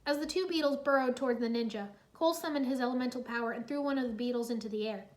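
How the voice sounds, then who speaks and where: A woman narrating a children's adventure story in a lively, expressive read-aloud. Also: high-pitched, very fast.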